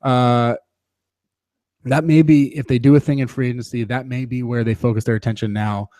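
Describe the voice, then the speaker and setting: A male podcast host talks loosely and self-deprecatingly, full of "uh" pauses, at an ordinary mid pitch. His voice is recorded close and dry, with no room sound. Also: fairly even intonation, mellow, no room sound. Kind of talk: casual sports podcast chat.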